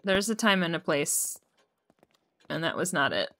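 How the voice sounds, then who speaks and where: A woman's voice: low-pitched, big pitch swings, a little slow, fairly bright tone. Young woman streamer, casual profane game commentary, bouncy delivery. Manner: joking, swears a lot, talks to chat.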